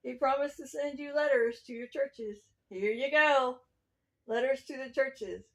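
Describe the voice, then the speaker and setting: A woman with a high voice talks her way through a rambling religious testimony. She preaches in loose, wandering turns and chuckles between thoughts. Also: unhurried. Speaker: self-styled prophet.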